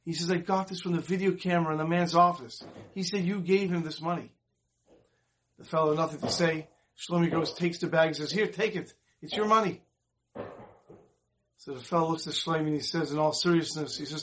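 A man telling a Torah story in a calm, earnest way, briefly giving voice to the people in it. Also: fairly high pitch, fairly quick, a little hiss or hum. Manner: earnest storyteller voicing characters.

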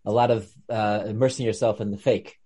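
A man's voice: on the low side, fairly even intonation, warm tone. A man hosting a podcast, asking long questions that stop and restart as he thinks. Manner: halting, repeats words while forming questions. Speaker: podcast host. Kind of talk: interview questions.

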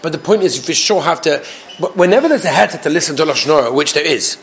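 A man teaching a Torah lesson to a class, animated and quizzing his students. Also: fairly high pitch, fast, slight background noise. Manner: animated, asks the class questions.

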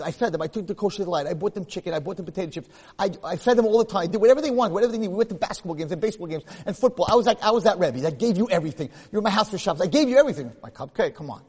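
Animated storytelling man in an echoing hall. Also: a little high, husky. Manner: animated, rising to loud excited bursts when telling the story. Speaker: rabbi and teacher giving a talk. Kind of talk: storytelling lecture. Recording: long hall reverb.

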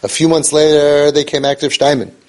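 In an inspirational talk, this speaker on parenting and faith emphatically tells a story, repeats key phrases for impact, and peppers his words with Hebrew and Yiddish terms. His voice is a little high and darkish, fairly quick, with fairly even intonation.

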